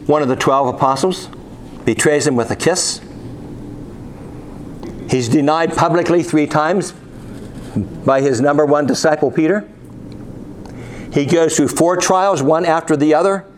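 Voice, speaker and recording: A man's voice: fairly high pitch, a little hiss or hum. A man preaching a sermon, reading scripture aloud and asking his listeners rhetorical questions.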